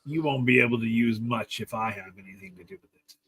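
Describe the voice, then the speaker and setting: A man playing a gruff bullying ship officer. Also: medium pitch, quick pace, fairly bright tone. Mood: menacing. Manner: barking, menacing.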